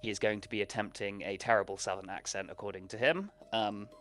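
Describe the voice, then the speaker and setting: A man's voice: fairly low pitch, fairly even intonation, fast talker, fairly bright tone. A man acting as game master, giving a casual, meandering recap of a tabletop horror session with frequent restarts.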